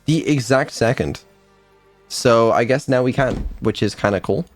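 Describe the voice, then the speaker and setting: A man's voice: medium pitch, measured pace, faint music behind. A man, a developer and streamer, chatting casually on a live dev stream, laid-back and mumbling, with ums and the odd swear.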